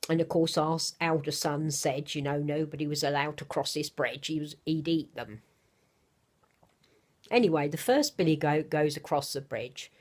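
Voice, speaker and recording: A middle-aged woman, telling a family story casually to camera in a gentle, chatty way, with a slightly dry throat. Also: low voice. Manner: gentle, chatty, with soft asides. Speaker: vlogger.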